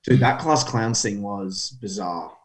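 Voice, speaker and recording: A young Australian man, a comedian guest, telling animated stories with lots of swearing and laughter in casual podcast chat. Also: fairly low pitch, measured pace, background noise. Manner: animated storytelling, laughs often, swears freely.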